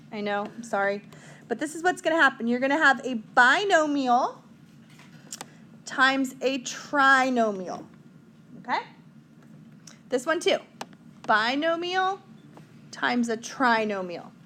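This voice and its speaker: Chatty high-voiced woman math teacher. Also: sharp tone, slight background noise. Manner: chatty, joking, talks to students. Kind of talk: whiteboard math lesson.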